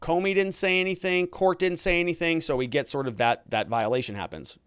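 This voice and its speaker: A man's voice: on the high side, fairly quick, fairly bright tone, clear, resonant tone, dry recording, clean studio sound. A man, an attorney host, giving conversational legal commentary and explaining things with filler words.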